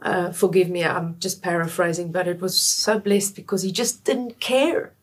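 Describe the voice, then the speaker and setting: A woman's voice: lowish voice, fairly even intonation, normal speed, slightly rough. Fervent woman exhorting listeners. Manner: fervent, exhorting, quoting scripture. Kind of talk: casual faith discussion.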